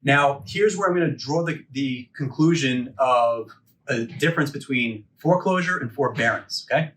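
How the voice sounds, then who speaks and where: With a medium pitch, moderate pace, and fairly bright tone, a man in his forties delivers a conversational lecture for a continuing education class. He fires off rhetorical questions and keeps asking "right?" and "okay?". The mic is a little far from him.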